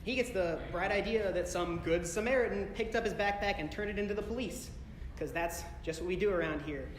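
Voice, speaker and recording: A man's voice: high voice, a little fast, a little hiss or hum. A man doing a stand-up comedy set before a live audience, telling a rambling story and correcting himself as he goes. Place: concert hall, live audience. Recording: echoey concert hall recording, long reverb.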